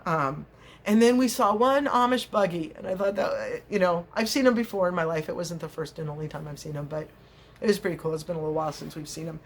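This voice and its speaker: A woman's voice: fairly low pitch, fast. Middle-aged woman, casual rambling vlogger, frequent laughs. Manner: chatty, laughs often, acts out little scenes. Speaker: crochet vlogger.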